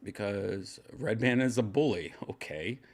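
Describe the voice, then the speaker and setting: Gravelly-voiced man rambling crudely. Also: lowish voice, lively intonation, measured pace. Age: older. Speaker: host. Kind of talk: casual chat. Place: second-floor home room.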